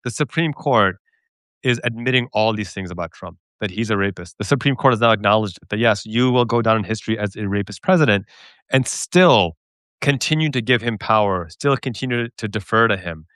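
A man's voice: lowish voice, fairly quick, fairly bright tone, dry recording, clean studio sound. A man hosting a political talk show, speaking emphatically and with indignation. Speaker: podcast host. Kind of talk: political discussion.

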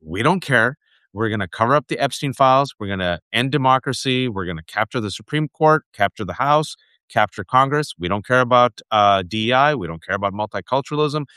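A man's voice: medium pitch, lively intonation, brisk, bright, forceful tone, smooth, dry recording. Man ranting sarcastically in a dry room. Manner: sarcastic, mocking voices of opponents. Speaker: political commentator guest. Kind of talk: heated political rant.

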